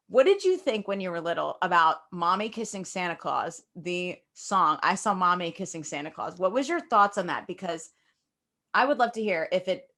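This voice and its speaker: A young woman co-hosting a podcast in casual chat, excitable, swearing and laughing often. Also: fairly low pitch. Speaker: podcast co-host.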